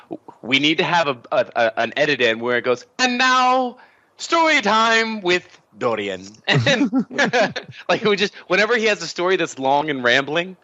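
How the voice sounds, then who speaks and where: A man co-hosting a podcast in casual chat, joking and hesitating with ums. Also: on the high side. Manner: animated, jokey, hesitant with ums. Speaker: podcast co-host. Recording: dull lo-fi podcast audio.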